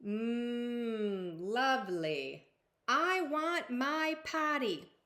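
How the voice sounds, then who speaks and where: A woman voicing a sassy, demanding little girl princess in a storybook read-aloud, with a whiny, drawn-out delivery. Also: mid-range voice, animated.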